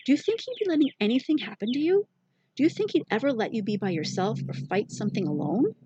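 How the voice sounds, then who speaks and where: A woman voicing a gentle, anxious mother who speaks softly and soothingly to her sick son. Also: on the high side, big pitch swings, quick pace, lo-fi sound, slight background noise, voice pushed up. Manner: soft and soothing.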